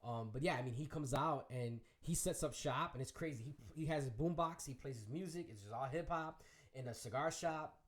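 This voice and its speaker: Chicago man, DJ guest, fast and animated storyteller. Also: medium pitch. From Chicago area. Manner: animated storyteller, acts out quoted voices. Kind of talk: casual interview storytelling.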